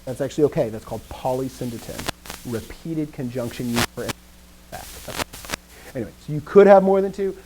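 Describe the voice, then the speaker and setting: A man teaching a live grammar lesson, explaining step by step, often answering students with quick affirmations and dry joking asides. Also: mid-range voice, very noisy. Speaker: language teacher.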